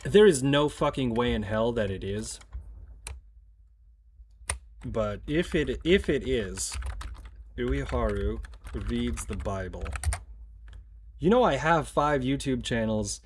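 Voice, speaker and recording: A man's voice: medium pitch, animated, takes it slowly, pauses often, slight background noise. A man streaming a game, chatting casually in a rambling, jokey way with plenty of swearing. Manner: rambling, profane, jokey asides. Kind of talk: casual chat while gaming.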